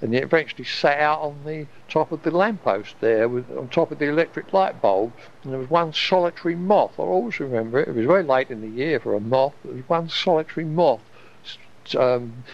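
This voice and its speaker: Gravelly man telling a story. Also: on the high side. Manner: rambling, restarts and trails off, wonder in voice. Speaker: storyteller recalling an experience. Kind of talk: casual personal storytelling. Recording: dull lo-fi recording.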